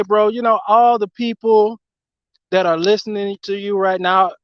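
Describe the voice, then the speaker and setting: Excitable high-voiced man calling in. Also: clean tone, no echo, lo-fi sound. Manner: excitable, laughing, calls everyone bro. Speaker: caller. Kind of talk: casual chat with the host.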